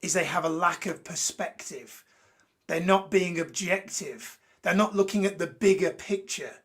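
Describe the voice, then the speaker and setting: A man from Birmingham hosting a live motivational show, blunt and ranty, swearing freely and joking with viewers. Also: sits high. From Birmingham, England. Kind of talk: unscripted motivational talk to a live chat.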